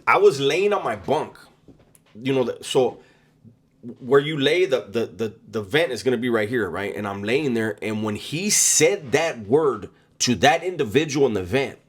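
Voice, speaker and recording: A man casually recounting a personal story, halting often with ums and repeated words in an unhurried, conversational delivery. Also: medium pitch, lively intonation, breathy edge. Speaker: storyteller recounting prison experiences.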